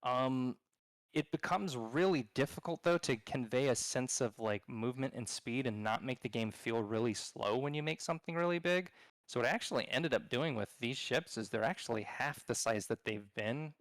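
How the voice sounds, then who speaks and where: A man's voice: medium pitch, animated, moderate pace, no echo. Mid-voiced male game developer, dry close mic; thoughtful, loose explainer. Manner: thoughtful, explaining, rambling with restarts. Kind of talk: casual live-stream working session.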